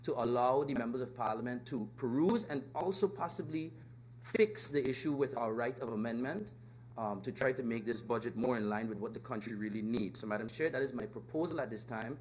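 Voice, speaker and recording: A man, a member of parliament, speaking formally in a debate with measured pacing and frequent hesitations. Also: mid-range voice, darkish tone, a little hiss or hum.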